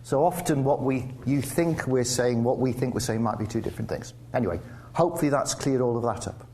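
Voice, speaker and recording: The English lecturer now sounds brisk, medium in pitch and darkish in tone. Addressing a lecture theatre audience as guest speaker, he stays conversational, with wry asides and many restarts against faint background noise.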